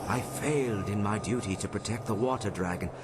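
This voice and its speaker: An actor playing the ghost of a solemn old male monk leader, telling his story gravely. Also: on the low side, fairly quick, heavy background noise, close to an everyday voice. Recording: game audio over loud score. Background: loud music.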